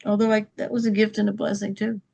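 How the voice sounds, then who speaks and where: A woman's voice: medium pitch, little pitch movement, fast talker, gravelly, warm tone, breathy edge, muffled recording. A middle-aged woman, a podcast guest, telling a personal story with emphasis and often checking in with "okay?".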